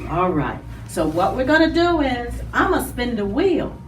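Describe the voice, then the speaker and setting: A woman hosting children's storytime in a library. She speaks to small children in an animated way and draws out her words. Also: on the high side, normal speed, slight background noise. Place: library room. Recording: roomy, distant mic.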